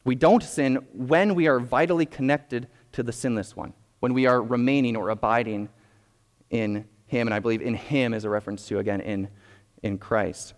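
A young adult man preaching a sermon as a pastor, explaining in a measured way with frequent restarts. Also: medium pitch, fairly even intonation. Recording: long reverb of a hall.

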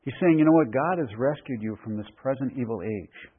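Man preaching a verse-by-verse sermon, husky, emphatic, repeats key phrases; thin radio broadcast audio. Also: mid-range voice, expressive, fairly quick, narrow, tinny audio. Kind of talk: expository sermon.

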